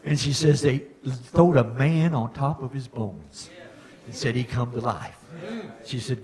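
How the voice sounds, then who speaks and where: Older preacher in an echoey church. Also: male voice, mid-range voice, measured pace, darkish tone. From United States. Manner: folksy storytelling, rising to fervent exclamations. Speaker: preacher giving testimony. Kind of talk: sermon testimony.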